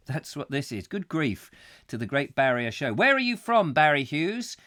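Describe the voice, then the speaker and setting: A jokey man hosting a live call-in chat show, his voice bouncing all over the place as he rambles through viewer comments. He sits a touch above the usual male pitch and keeps slipping into silly voices. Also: sing-song, a little fast, pushed and bright. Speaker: host.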